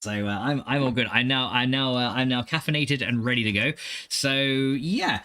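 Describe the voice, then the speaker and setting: A man's voice: medium pitch, normal speed, pushed and bright. A man livestreaming from home, chatting loosely with viewers, swearing freely and restarting his sentences. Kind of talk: casual stream chat reading viewer messages. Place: home streaming room.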